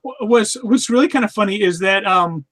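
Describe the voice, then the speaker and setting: High-voiced man, halting speech. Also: fairly bright tone. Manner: halting, stammers and restarts. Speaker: podcast co-host or guest. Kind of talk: casual chat.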